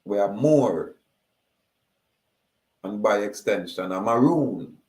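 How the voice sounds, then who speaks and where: Slow, echoey Jamaican man declaiming. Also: lowish voice, lively intonation, darkish tone. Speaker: speaker. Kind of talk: emphatic monologue.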